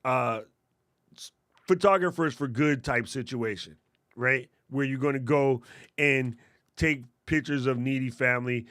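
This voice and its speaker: A man hosting a live question-and-answer stream, giving casual, energetic advice in slangy talk and calling viewers family. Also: mid-range voice, a little slow, no echo, clean studio sound. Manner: energetic, slangy, addresses chat as fam and family. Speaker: host answering creator questions.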